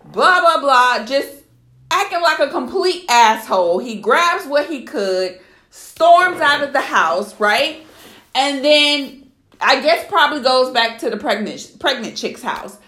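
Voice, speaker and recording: Animated, foul-mouthed woman podcast host. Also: sits high, unhurried, reverberant. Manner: animated, profane, outraged storytelling. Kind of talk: solo podcast storytelling.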